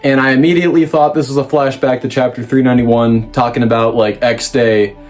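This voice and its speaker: A man hosting a casual manga review, rambling with fillers and restarts and jumping up in pitch when he quotes characters. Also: a little fast, soft background music. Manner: lively, pitch jumps up when quoting characters. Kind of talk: casual recap commentary.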